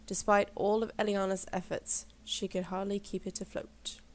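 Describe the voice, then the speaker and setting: A grim young lord tells of his homecoming in a put-on accent, read by a woman. He speaks slowly and solemnly, a little hushed, in a voice of middle pitch. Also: flat delivery, close to an everyday voice. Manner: solemn, slow storybook reading in a put-on accent.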